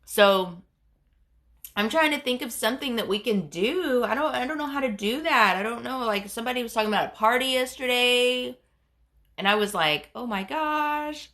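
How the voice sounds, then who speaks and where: A woman's voice: on the high side, expressive, normal speed, a bit bright. A woman with a head cold, hosting a casual livestream, chatting to viewers in a rambling way. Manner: chatty, rambling storyteller with lots of fillers. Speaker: livestream host. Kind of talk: casual live chat reading comments.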